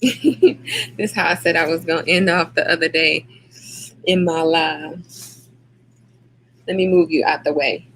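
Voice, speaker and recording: A woman chats casually on her own livestream. Her voice is bright and ringing. She greets viewers by name in long, drawn-out hellos and keeps the talk loose and friendly. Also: sits low, slight background noise. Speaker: livestream host.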